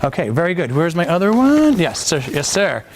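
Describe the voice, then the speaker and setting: A man teaching a voice-over class, coaching students with halting, encouraging talk and many restarts. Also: on the high side, very animated, slight background noise. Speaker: voice-over workshop instructor.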